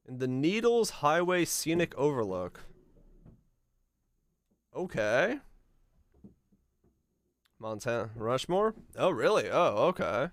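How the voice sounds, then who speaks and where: A man's voice: medium pitch, sing-song, takes it slowly, long pauses, dry recording. Laid-back male streamer musing aloud. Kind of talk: casual live-stream chat while playing a geography game.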